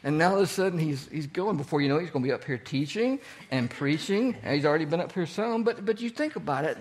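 A man with a slightly higher voice leads a casual, interactive Bible study. He keeps quizzing his group with fill-in-the-blank questions. His speech quickens whenever he gets excited. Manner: speeds up when excited.

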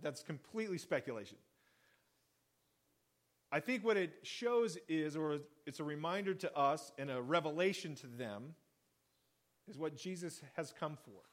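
A male pastor preaches in a lively storytelling manner, acting out the quoted lines of the people in his story. His voice sits high for a man, and he chuckles now and then as he talks. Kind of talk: sermon.

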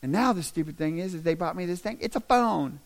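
A male pastor delivering a sermon as a humorous, conversational story that builds into loud, emphatic stretches. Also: fairly high pitch, fast talker.

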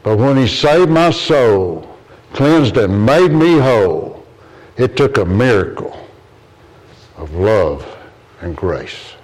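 A man's voice: big pitch swings, takes it slowly, long pauses, a little mellow, poor audio. Earnest preacher man. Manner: earnest, storytelling, rises in pitch when quoting others. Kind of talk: sermon.

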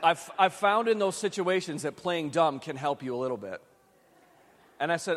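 A man's voice: on the high side, animated, normal speed, long reverb tail. A man from Western New York preaching a sermon, telling a story in a chatty, self-deprecating way with frequent restarts. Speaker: pastor.

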